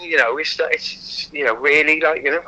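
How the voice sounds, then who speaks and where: A man's voice: on the high side, normal speed, rough recording. A Welsh man, a guest athlete, telling stories frankly and animatedly in a radio interview. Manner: animated, frank, repeats "you know".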